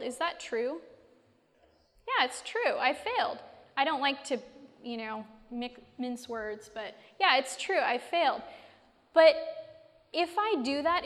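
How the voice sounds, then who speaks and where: High-voiced woman teaching in a reverberant hall. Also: fairly bright tone. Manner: conversational, fires rhetorical questions at listeners. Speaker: speaker teaching a faith-based class. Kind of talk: faith-based teaching talk.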